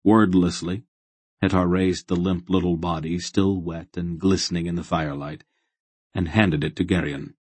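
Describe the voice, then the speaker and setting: A man reading a fantasy novel aloud in steady, measured narration. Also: deep voice, breathy edge, no echo. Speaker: audiobook narrator. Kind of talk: scripted narration.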